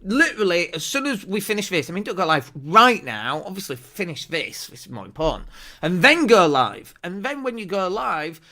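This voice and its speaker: A man hosting a marketing podcast, talking straight to camera in an energetic, persuasive way. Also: high voice. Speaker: podcast host, marketing agency owner. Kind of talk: direct-to-camera marketing talk. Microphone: camera at desk.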